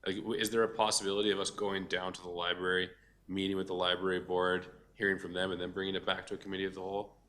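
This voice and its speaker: Deep-voiced fast-talking mayor. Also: male voice, flat delivery, a bit bright. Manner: questioning, thinking aloud with fillers. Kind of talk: council meeting discussion.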